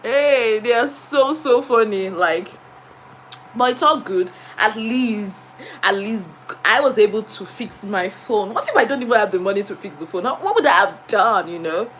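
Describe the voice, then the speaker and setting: A young Nigerian woman, a teacher, telling a story on a casual live stream in an animated, dramatic way, laughing through her words. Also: medium pitch, moderate pace, slight background noise. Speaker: teacher and vlogger.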